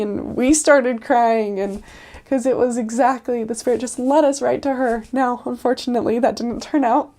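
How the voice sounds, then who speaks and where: A woman's voice: on the high side, vocal fry, dark tone. A young woman telling stories in a casual, chatty way, with frequent "like" and "um" and laughs along the way. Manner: chatty, full of "like" and "um", laughs often. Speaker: returned missionary. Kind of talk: casual storytelling.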